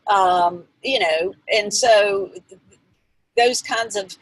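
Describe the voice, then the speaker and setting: A woman guest speaks as an expert in an interview. She explains earnestly, like a teacher, with many restarts and ums. Her mid-pitched voice has a husky, breathy edge. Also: takes it slowly, no echo, poor audio. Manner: earnest and instructive, with restarts and fillers. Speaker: emotional intelligence expert guest.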